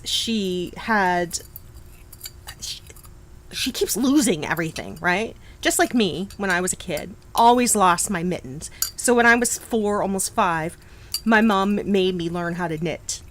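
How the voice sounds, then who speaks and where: This middle-aged woman has a mid-range, fairly bright voice, captured on a low-quality recording. She's hosting a knitting livestream, chatting easily, reacting to the chat, laughing frequently, and restarting often.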